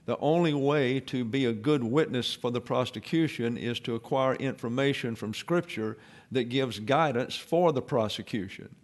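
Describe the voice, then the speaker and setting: In a measured, explanatory style, a man with a mid-range voice teaches an expository Bible lesson, pausing and using fillers as a Bible teacher.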